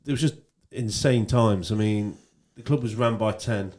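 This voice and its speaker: A man, a DJ guest on a radio show, telling club stories in a relaxed, rambling way. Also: fairly low pitch, moderate pace. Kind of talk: casual radio interview. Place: radio studio.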